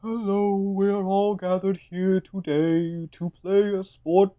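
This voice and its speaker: A man imitating a very old male religious leader giving a solemn, drawn-out greeting. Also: high voice, flat delivery, no room sound, lo-fi sound, pitched above the performer's own voice.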